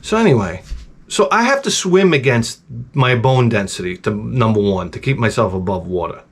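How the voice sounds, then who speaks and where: A man telling a personal story in a casual, rambling, animated way, with swearing and restarts. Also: medium pitch, normal speed. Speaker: host.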